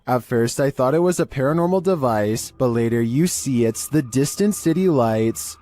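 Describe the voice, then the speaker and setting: A man narrating a countdown of creepy internet videos in a calm, monotone scripted voice. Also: mid-range voice, normal speed.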